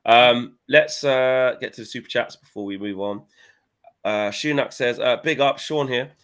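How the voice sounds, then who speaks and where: A young man co-hosting a fan channel livestream reads out live comments and jokes around in a medium-pitched, smooth, slightly bright voice at a somewhat slow pace. His manner is banterous and playful, with slang like "my son" and "innit."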